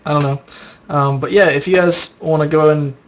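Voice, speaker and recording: A man's voice: a little high, steady tone, normal speed, slight background noise. Tired young man rambling on a stream. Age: young adult. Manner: rambling, casual, answers viewer questions aloud. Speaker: live streamer answering chat. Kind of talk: late-night live stream chat.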